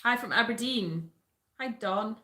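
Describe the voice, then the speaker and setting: A woman co-hosting a livestream who reads out viewer messages and adds short, friendly replies. Her voice is bright and sits at an ordinary pitch. She is in an echoey room. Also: a little slow. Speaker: sanctuary co-host reading chat. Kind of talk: casual livestream chat.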